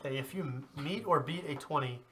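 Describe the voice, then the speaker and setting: Casual game master, bright tone, relaxed narration with frequent laughs. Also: male voice, fairly high pitch, brisk.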